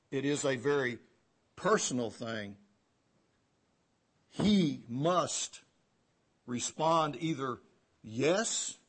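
High-voiced preaching man, lively swells. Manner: preaching with swings from loud emphasis to hushed lows. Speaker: pastor. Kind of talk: expository sermon.

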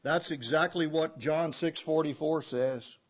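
A man preaching an expository sermon, teaching verse by verse and moving between loud emphatic runs and hushed low phrases. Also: measured pace, breathy edge. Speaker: pastor.

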